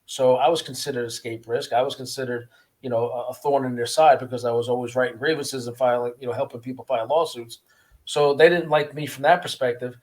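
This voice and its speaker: A man, a former prisoner, telling his story in a casual interview with an earnest, halting manner, often repeating words. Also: medium pitch, fairly even intonation, darkish tone. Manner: earnest, repeats words, acts out guards' voices.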